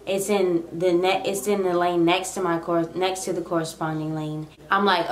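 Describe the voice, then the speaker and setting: A young woman tells a personal story in a chatty, rambling way. Her voice sits a little low for a woman. The room gives it a clear echo. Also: normal speed, few pauses. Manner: chatty, rambling, animated retelling. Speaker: vlogger. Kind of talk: casual storytime. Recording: echoey room.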